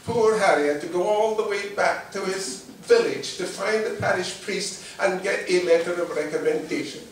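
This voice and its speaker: Echoey, lively male storyteller. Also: high voice, moderate pace, a little hiss or hum. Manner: lively, humorous, playful. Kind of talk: live folk-tale telling. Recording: distant mic in a very echoey room.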